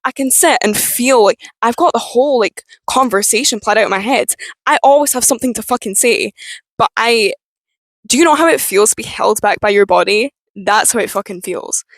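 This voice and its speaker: A young woman with a strained, tense voice, talking candidly and with plenty of swearing to camera, with halting restarts. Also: on the high side, no echo, poor audio. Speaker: vlogger. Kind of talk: candid personal talk to camera.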